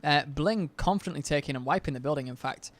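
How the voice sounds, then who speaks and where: A man's voice: a little high, fast. A man casting a live online game match, chatty and self-deprecating, rambling between play calls. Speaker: stream caster.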